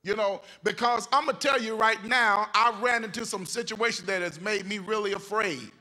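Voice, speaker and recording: High, bright-voiced fervent preaching man. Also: moderate pace, rough recording. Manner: fervent, repetitive preaching that calls on the congregation. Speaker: bishop preaching to his congregation. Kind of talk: sermon. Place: church sanctuary.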